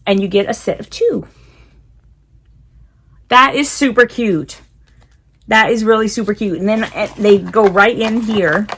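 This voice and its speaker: Giggly woman with a gravelly edge. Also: medium pitch, unhurried, long pauses, fairly bright tone. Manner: chatty, giggly, talks to her cat. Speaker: unboxing vlogger. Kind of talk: casual unboxing chat.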